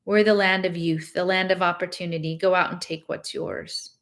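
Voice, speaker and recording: A woman's voice: fairly low pitch, fairly even intonation, normal speed. A woman voicing a bitter, grieving middle-aged father in a novel read aloud, sarcastic and accusing. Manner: sarcastic, then shouting and sobbing.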